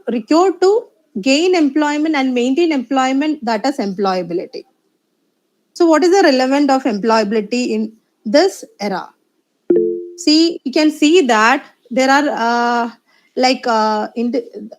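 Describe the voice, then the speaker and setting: A woman with an Indian English accent lectures over a video call. Her voice sits a little high. She pauses often, fills gaps with "uh" and restarts her sentences as she works through her slides. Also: poor audio. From Kerala, India. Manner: hesitant, many uh fillers and restarts. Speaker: assistant professor presenting a talk. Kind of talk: online lecture presentation.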